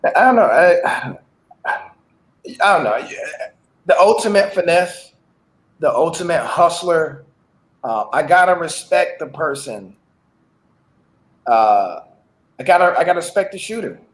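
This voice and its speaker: A man's voice: a little high, sing-song, unhurried, pauses often. A man on a podcast, laid-back and drawling, often adding "man" as he jokes. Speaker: podcast guest. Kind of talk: casual comedic chat. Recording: echoey room.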